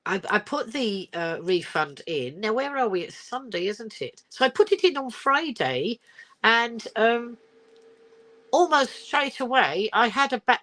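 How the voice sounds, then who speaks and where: With a voice that's a little high and a bit bright, an older woman from England hosts a livestream from her phone. She chats casually in a rambling, giggly way while reading out viewers' comments, recorded on the phone camera.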